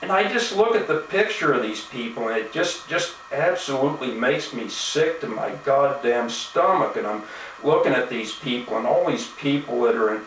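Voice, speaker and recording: A man's voice: medium pitch, animated, normal speed, a bit bright, a little hiss or hum. A man delivering an angry, profane video-blog rant, full of indignation and "you know" fillers. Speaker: video blogger. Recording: echoey room, mic at a distance.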